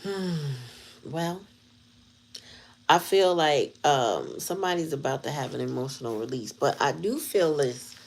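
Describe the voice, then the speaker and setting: A woman's voice: low voice, lively intonation, a little slow, vocal fry, a little mellow, a little hiss or hum, poor audio. A woman hosting her tarot channel, chatting casually and telling a story in a blunt, candid way with plenty of slang. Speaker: tarot reader and channel host. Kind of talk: casual livestream chat.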